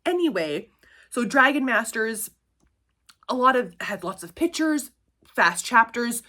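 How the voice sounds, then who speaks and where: A woman's voice: fairly high pitch, animated, unhurried, sharp tone. A young adult woman chatting to camera in a casual vlog, upbeat and chatty with frequent ums and little laughs. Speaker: booktuber and tutor.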